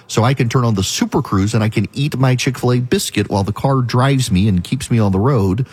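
A man's voice: mid-range voice, a little mellow, slightly rough. A man hosting a talk show, delivering an emphatic, opinionated monologue in a conversational, repetitive way. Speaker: radio talk show host.

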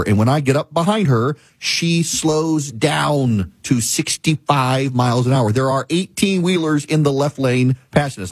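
A man with a slightly husky voice delivers a rambling talk show monologue, exasperated and emphatic. He repeats his points to hammer them home, and the sound is close and dry. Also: dry recording. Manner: laughs mid-sentence and bursts into high-pitched exclamations. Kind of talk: casual monologue, ranting storytelling.

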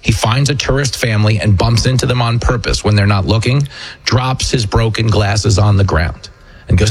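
Husky New York man hosting. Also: normal speed. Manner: mocking, acts out quotes in a shrill high voice. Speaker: show host. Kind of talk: political commentary monologue.

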